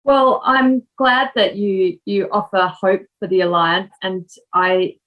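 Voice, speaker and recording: Flat-toned woman interviewer. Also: medium pitch, takes it slowly, highs cut off. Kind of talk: interview conversation.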